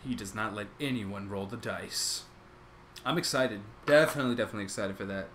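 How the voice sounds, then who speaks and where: A man's voice: fairly low pitch, a little fast, fairly bright tone, slight background noise. A young man streaming live, rambling casually as he reacts to his chat and to videos, with lots of "like" and restarts.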